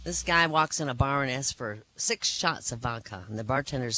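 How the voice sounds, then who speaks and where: The audio is poor and carries slight background noise as a comedian, who is also the host of a small cafe comedy night, delivers jokes to the crowd at a moderate pace. He is animated, slipping into high-pitched voices for his joke characters.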